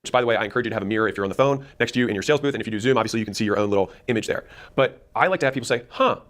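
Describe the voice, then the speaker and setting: A man's voice: lowish voice, fairly bright tone. A man coaching salespeople, giving confident, instructive advice in a teaching talk. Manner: rapid, confident, instructive delivery. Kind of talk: fast-paced teaching talk.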